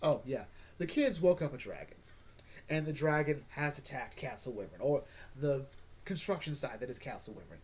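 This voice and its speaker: A man's voice: mid-range voice, expressive, normal speed, darkish tone, husky. A man hosting a casual comic book recap, rambling and joking with sarcastic asides. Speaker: comic book podcast host.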